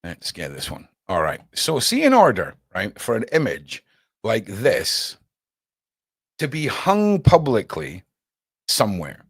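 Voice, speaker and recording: A man's voice: fairly low pitch, huge pitch swings, slow, slightly rough, no echo, studio quality. Sarcastic man on a livestream. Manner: sarcastic, jokey, slangy. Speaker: livestream host. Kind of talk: casual commentary.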